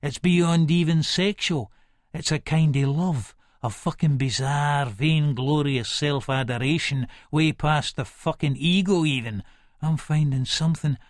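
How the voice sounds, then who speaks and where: A man's voice: fairly high pitch, dry recording, clean studio sound. Begbie, a menacing Scottish hard man. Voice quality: coarse, swearing, menacing. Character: violent, menacing male Edinburgh hard man. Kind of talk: first-person audiobook narration.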